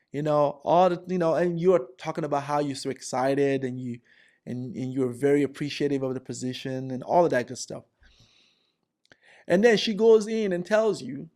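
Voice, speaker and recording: This man in his forties is a career vlogger who tells animated stories as advice about the workplace, playing the parts of coworkers with heavy repetition. He speaks at an ordinary pace in a slightly high voice that leans a bit dark.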